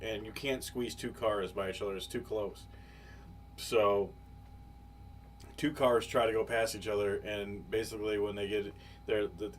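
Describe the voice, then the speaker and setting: A man tells a story in loose, profane podcast chat, stacking fillers and restarts. His voice sits fairly low. A faint background noise runs under the talk. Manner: rambling, profane, lots of fillers. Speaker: podcast co-host.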